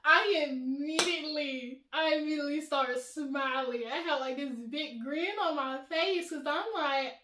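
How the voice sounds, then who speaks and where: A young woman vlogger telling a casual storytime to her viewers, chatty and animated, often laughing and addressing them as y'all. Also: high-pitched, a little slow, few pauses, background noise. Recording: roomy echo.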